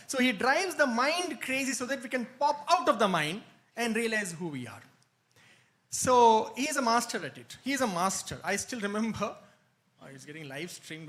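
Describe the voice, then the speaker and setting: A man telling an anecdote at a spiritual retreat, animated and laughing often. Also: extremely high pitch. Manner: animated storytelling, frequent laughs. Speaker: retreat speaker. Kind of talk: anecdotal talk. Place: hall, live-streamed.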